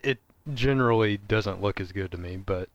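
A man co-hosting a casual movie podcast, hesitant and trailing off softly. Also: lowish voice, moderate pace, no room sound, dull audio. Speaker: podcast co-host. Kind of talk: casual chat.

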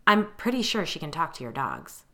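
A mischievous female ghost in a storybook, as a woman puts on her voice. She teases in a flat, matter-of-fact way. Her voice is bright. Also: sits low, normal speed, exaggerated voice. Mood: teasing. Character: playful teasing female ghost.

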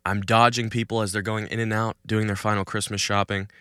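A young man hosting a podcast, recording outdoors, telling a story in a casual and animated way and laughing between lines. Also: fairly low pitch, fairly quick, smooth, no room sound, studio quality. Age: young adult. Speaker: podcast host. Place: outdoors in a cul-de-sac.

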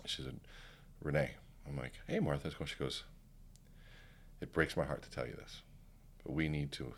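Very deep-voiced fast-talking man. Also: gravelly, a little hiss or hum. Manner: animated, acts out quoted dialogue. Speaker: podcast guest, keynote speaker. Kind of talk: storytelling in casual conversation.

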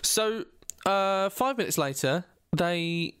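A young man casually telling an anecdote, animated, laughing and acting out quotes loudly. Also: high-pitched, takes it slowly, clean tone, dry recording, studio quality. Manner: animated, laughing, acts out quotes in loud voices. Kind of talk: casual storytelling chat.

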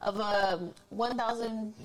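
A woman's voice: medium pitch, steady tone, slow pace, crowd noise, rough recording. A woman in casual chat who talks with lots of "like" and swears freely.

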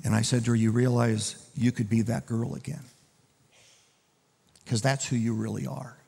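A man preaching a conversational sermon as a pastor, dropping to a hushed, gentle tone and then rising into loud, urgent appeals. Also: mid-range voice, fairly even intonation, moderate pace, vocal fry, slightly rough, in a large hall. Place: church auditorium.

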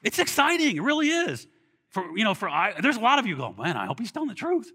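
A man preaching a sermon in an animated, conversational way, with bursts of excitement. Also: high-pitched, fast talker, breathy edge. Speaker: pastor.

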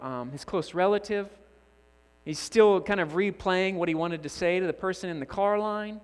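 Man preaching in a reverberant hall. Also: sits high. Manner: animated storyteller acting out characters' lines. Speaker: guest preacher. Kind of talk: sermon storytelling. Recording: long church reverb.

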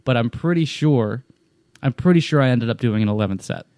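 A man's voice: mid-range voice, expressive, a little fast, a little mellow, dry recording, studio quality. A man in casual chat, telling a long story in a rambling, profane way with frequent restarts. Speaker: storyteller in a conversation.

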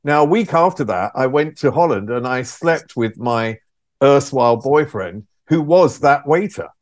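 A man's voice: medium pitch, animated, moderate pace, no echo. Older male guest, candid storyteller, self-deprecating, dry close sound. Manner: frank, self-deprecating, laughs at his own stories. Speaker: former music TV presenter, guest.

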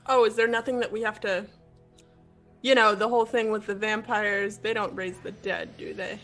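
A woman playing a tabletop game, joking and tossing out quick asides. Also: mid-range voice, fairly even intonation, a bit bright, faint music behind. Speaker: player. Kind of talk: casual tabletop play.

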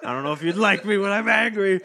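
A man voicing the Hulk, shouting a furious rant of insults. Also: high-pitched, creaky, exaggerated voice. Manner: shouting, roaring insults in a strained voice. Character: raging green giant doing an angry office rant.

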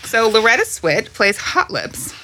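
A woman's voice: on the high side, very animated, unhurried, sharp tone, a little hiss or hum. A woman co-hosting a podcast, chatting casually and laughing often as she recaps TV episodes. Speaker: podcast co-host. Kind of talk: casual chat.

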